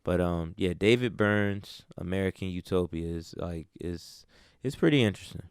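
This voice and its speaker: Low raspy-edged dude, smooth tone, says like and bro a lot, dry sound. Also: male voice, moderate pace, no echo. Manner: rambling, filler-heavy slang ("like", "bro", "man"). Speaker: co-host, saxophone player. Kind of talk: casual chat.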